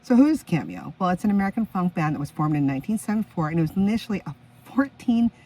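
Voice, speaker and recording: Speaking fast and very animatedly in a warm, fairly low voice, a woman in her fifties chats through her solo music podcast. She breaks off now and then to react to her notes, and the low-quality recording has a distant mic.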